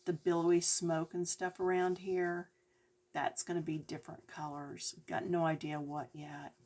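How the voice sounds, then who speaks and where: A woman's voice: sits low, little pitch movement, a little slow, darkish tone. A woman giving a chatty coloring lesson, talking directly to her viewers. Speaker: coloring tutorial host.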